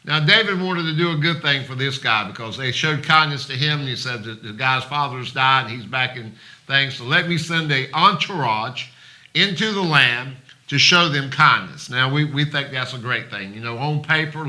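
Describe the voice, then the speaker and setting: A man's voice: a little high, pushed and bright. A man preaching a sermon in a church, folksy and plain-spoken, acting out the voices of those he quotes. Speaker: pastor.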